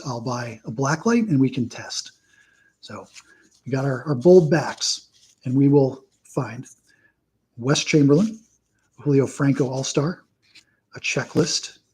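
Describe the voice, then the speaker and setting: A man hosting a casual live stream, reeling off a steady list of names and dropping dry, wry asides along the way. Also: medium pitch, breathy edge, poor audio. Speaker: host.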